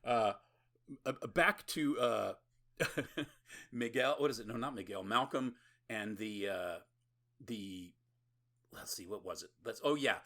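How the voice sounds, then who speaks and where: A man's voice: fairly low pitch, measured pace, long pauses, pushed and bright. A man co-hosting a podcast, recapping a horror movie in casual, rambling, profane chat and laughing often. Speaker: podcast co-host.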